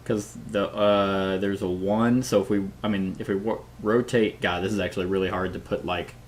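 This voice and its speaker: Guy reading out a board game story then chatting, a bit low voice, rambly, thinks out loud. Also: steady tone, normal speed, a little hiss or hum. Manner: chatty, thinks aloud with fillers and laughs. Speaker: player reading the story aloud. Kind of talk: casual tabletop game chat.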